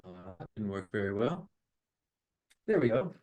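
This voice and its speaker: A man reading poems at an online poetry gathering, slowly and deliberately, with chatty asides between them. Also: on the low side, very animated, darkish tone, low-quality recording. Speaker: poetry reader at an open mic. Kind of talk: casual reading and commentary. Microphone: online video call.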